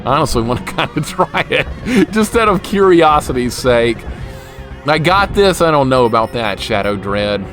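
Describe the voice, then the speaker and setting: Brief: young male streamer, mid pitch, joking and grumbling at a hard boss, game music loud behind him. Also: big pitch swings, normal speed. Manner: frustrated, joking, laughs often, talks to chat by name. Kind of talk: live gameplay commentary chatting with viewers.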